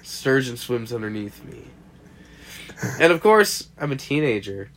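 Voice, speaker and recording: A man's voice: mid-range voice, sing-song, measured pace, fairly bright tone. A young man casually chatting on a podcast, telling a rambling story, laughing and swearing as he goes. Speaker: podcast co-host.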